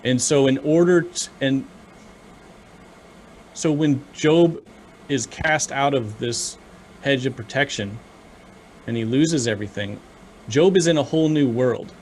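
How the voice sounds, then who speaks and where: A man's voice: medium pitch, a little mellow, a little hiss or hum. A man co-hosting a casual discussion, speaking earnestly and restarting his sentences often. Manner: earnest, halting with many restarts. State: choked up with emotion. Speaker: podcast co-host.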